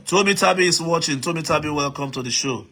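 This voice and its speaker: A man's voice: a little high, fast, over music. A Nigerian man hosting a live stream, reading out viewer comments and urging the audience to write in, switching between English, Pidgin and Yoruba.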